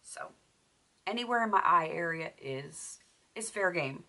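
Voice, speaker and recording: Bright-voiced woman, losing her voice. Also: lowish voice, expressive, a little slow. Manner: chatty and self-deprecating, thinks aloud. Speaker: beauty vlogger. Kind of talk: casual makeup tutorial chat.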